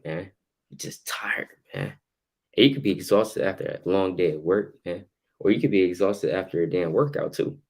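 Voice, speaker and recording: A man with a very low voice leads a relaxed Bible study. He reads scripture aloud, then breaks it down in loose street slang, tagging "man" and "you know" onto his sentences. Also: breathy edge. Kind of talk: casual scripture teaching.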